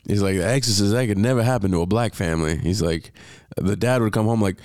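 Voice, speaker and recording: A man, a comedian guest on a podcast, chatting casually and telling jokes with animated delivery. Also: lowish voice, brisk, smooth, no room sound, studio quality. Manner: animated joke telling, laughs often.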